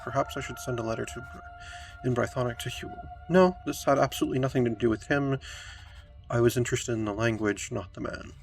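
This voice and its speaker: A man's voice: mid-range voice, fairly quick, vocal fry. A man plays through a strategy game, speaking as his medieval ruler with a dry, wry tone. He mixes in-character lines with event text he reads aloud. Faint music sits underneath his voice. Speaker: game streamer.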